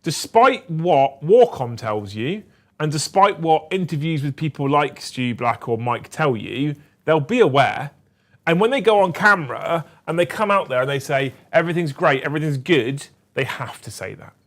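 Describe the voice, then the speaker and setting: A man's voice: a little high, normal speed. Blunt, sweary man. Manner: blunt, animated, swears freely. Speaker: co-host of a livestream show. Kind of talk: casual livestream chat.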